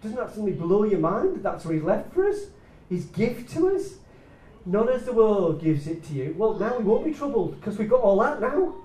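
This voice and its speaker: Animated preacher in an echoey hall. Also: male voice, high-pitched, normal speed, far from the mic. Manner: animated, shifting between loud bursts and hushed soft lines. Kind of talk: sermon. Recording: echoey room, speaker away from the mic.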